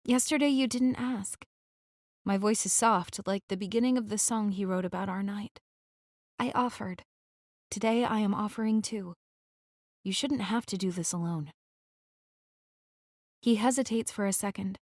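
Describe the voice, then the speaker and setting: Brief: female audiobook narrator, mid-pitched, gentle and intimate, very dry close recording. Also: normal speed, long pauses, no room sound. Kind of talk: scripted first-person romance narration.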